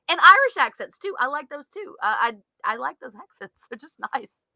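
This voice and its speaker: A woman's voice: sits high, very animated, unhurried, bright, forceful tone, dry recording. A woman co-hosting a podcast in casual chat, rambling with many fillers and laughing often. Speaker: podcast co-host.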